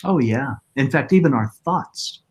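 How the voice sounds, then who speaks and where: Middle-aged male guest, earnest and reflective, halting delivery, mid-pitched voice. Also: animated. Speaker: podcast guest, author. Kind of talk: personal storytelling in interview.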